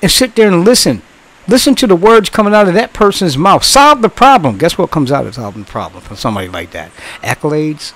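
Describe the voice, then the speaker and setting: A man's voice: on the high side, very animated, a little fast, fairly bright tone, rough recording. A man in his sixties who once worked in customer service, bluntly lecturing in a casual monologue, swearing and repeating himself. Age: 60s.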